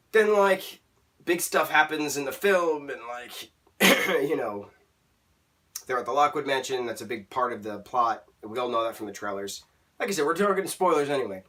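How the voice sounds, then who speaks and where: A man's voice: fairly high pitch, sharp tone, far from the mic. A young man telling an exasperated story as a movie reviewer in a ranting vlog.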